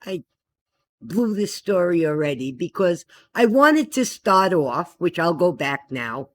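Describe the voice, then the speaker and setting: A woman's voice: fairly low pitch, very animated, unhurried. An older woman, the host's mother, telling a meandering family anecdote in a casual way. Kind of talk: casual storytelling.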